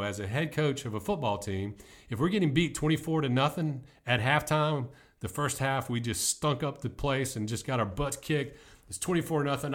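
A middle-aged man who coaches football, giving an earnest, emphatic motivational talk. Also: mid-range voice.

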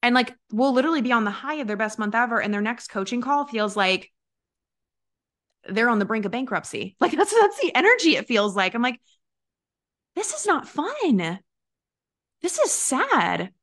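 A woman business coach talking casually and warmly to her audience, laughing often and using many fillers and restarts. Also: fairly high pitch, lively intonation, brisk. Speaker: business coach and podcast host. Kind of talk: casual motivational talk to an audience.

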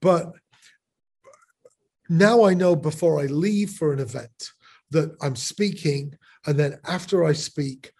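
A man's voice: on the high side, slow pace, creaky, dark tone, a little hiss or hum. A middle-aged man and musician speaking as a podcast guest over a video call, reflective, often restarting and repeating words. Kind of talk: casual conversational interview.

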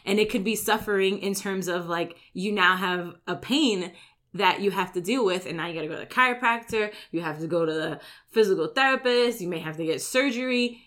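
A woman's voice: mid-range voice, fairly bright tone. A woman who runs a gym, giving a casual motivational talk full of "like" and "right?" and acting out everyday complaints. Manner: chatty, fills with "like" and "right?"; acts out everyday complaints in quick asides. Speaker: gym owner and coach.

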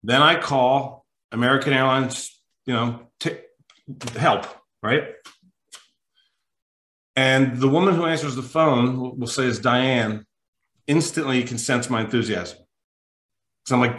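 A man, a mental toughness coach, telling an animated story as a podcast guest, emphatic and acting out the quotes. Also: mid-range voice, normal speed, roomy sound. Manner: lively, emphatic, acts out quotes.

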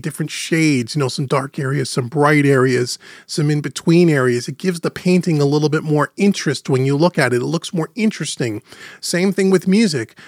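A man hosting a podcast, explaining things to beginners in a chatty way and slowing down to stress key points, into a studio microphone. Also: a little high, dry recording. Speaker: podcast host teaching audio mixing. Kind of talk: casual podcast teaching. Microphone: studio microphone through gentle compression.

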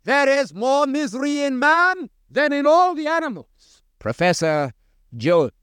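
High-voiced man preaching an impassioned sermon. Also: big pitch swings, measured pace, fairly bright tone, no echo, studio quality. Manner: impassioned, quoting scripture with dramatic emphasis.

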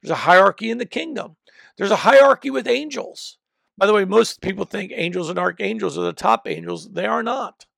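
A man's voice: high-pitched, fairly quick, vocal fry, a bit bright, no echo, clean studio sound. A man preaching a teaching sermon, emphatic, often repeating and restarting phrases as he works through a point. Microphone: microphone.

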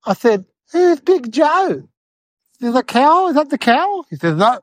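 A woman voicing an eight-year-old city boy, telling a rambling comedic story in a whiny, excitable way. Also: high voice, unhurried, no echo. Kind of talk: comedic character monologue.

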